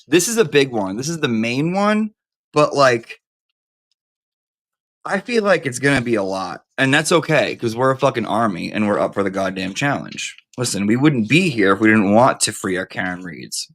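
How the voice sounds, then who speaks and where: A man's voice: medium pitch, expressive, moderate pace, a bit bright. Man, live-stream host, casual chat, campy, swears a lot, rambling.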